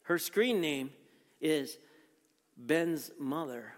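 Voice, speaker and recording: A man preaching a sermon as pastor, asking rhetorical questions and swinging between emphatic and hushed delivery. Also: a little high, expressive, drawn-out words. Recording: long reverb from a large hall.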